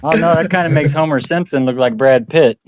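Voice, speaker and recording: A man's voice: a little high, brisk, a little mellow, soft background music. A man in casual livestream banter who makes dry, teasing jokes at his friends.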